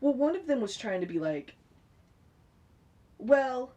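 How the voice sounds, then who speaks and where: A woman in casual chat, telling stories in an animated, profane way. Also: medium pitch, fast, highs cut off.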